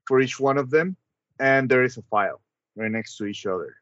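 A man narrating as game master of a tabletop game over an online call, measured and hesitant, with frequent ums. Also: mid-range voice, fairly bright tone, highs cut off.

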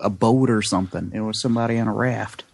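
A man's voice: lowish voice, fast talker, creaky, husky. A man playing a tabletop role-play character, thinking aloud and restarting his sentences. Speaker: player.

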